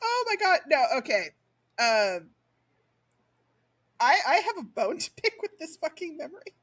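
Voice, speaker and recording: A woman co-hosting a casual podcast, talking in a very high, bright voice. She is animated and swears freely. Her delivery is lively and expressive throughout. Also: measured pace. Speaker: podcast co-host. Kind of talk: casual chat.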